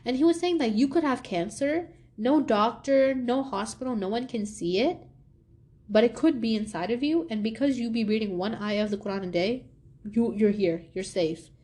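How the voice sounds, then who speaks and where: Animated young woman telling a story. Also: normal speed. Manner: animated, acts out quoted dialogue with pitch jumps. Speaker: podcast host. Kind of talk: casual storytelling monologue.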